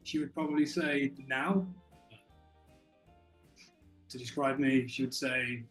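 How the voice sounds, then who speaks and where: A man's voice: mid-range voice, fairly even intonation, slow pace, soft background music. A man from England as a guest in a casual video-call interview, answering hesitantly and thoughtfully. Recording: echoey room.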